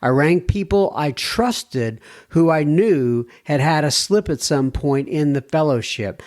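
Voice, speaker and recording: A man's voice: a little high, animated, measured pace. A man with an American accent hosting a podcast, reading listener letters aloud with chuckling asides. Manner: warm, chuckling asides between read passages. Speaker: podcast host.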